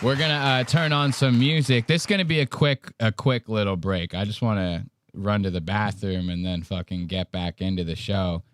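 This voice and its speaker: A man's voice: lowish voice, fairly even intonation, moderate pace, hardly any pauses, clear, resonant tone, dry recording, a faint crowd. A man hosting a podcast, reacting to clips in casual, profane, joking chat. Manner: profane, joking, acts out quotes. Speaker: podcast host.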